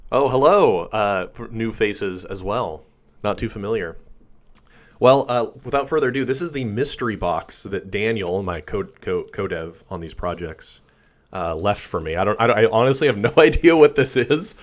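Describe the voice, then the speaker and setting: A man hosting a casual live stream, chatting and greeting viewers by name, his voice a little rough. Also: on the low side, moderate pace. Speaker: channel host.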